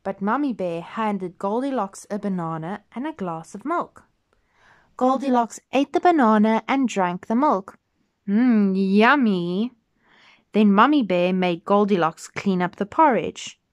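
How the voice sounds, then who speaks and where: A woman reading a children's storybook aloud in a clear, gentle read-aloud manner. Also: mid-range voice, animated, measured pace.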